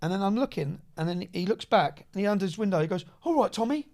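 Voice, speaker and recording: A man, a podcast guest telling a long story in a casual, animated way, often checking in with "yeah?" and "bruv". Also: high-pitched, quick pace, vocal fry. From England.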